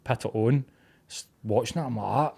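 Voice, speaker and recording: A man's voice: mid-range voice, moderate pace, vocal fry, husky. Glaswegian man telling stories. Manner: animated storyteller, swears. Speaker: podcast co-host. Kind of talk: casual chat.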